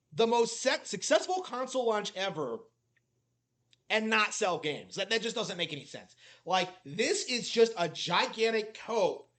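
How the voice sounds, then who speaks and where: A commentary YouTuber with a notably high, slightly bright voice rambles through mocking reaction commentary. He sounds scornful toward his subject and leans on "like" constantly as a filler.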